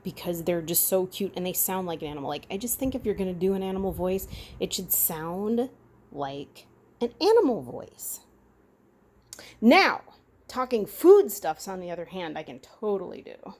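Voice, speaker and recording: A woman's voice: on the low side, expressive, moderate pace, warm tone. A woman rambling in a casual rant, chatty and full of asides, recorded outdoors. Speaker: vlogger. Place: outdoors by a freeway. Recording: faint traffic noise outdoors.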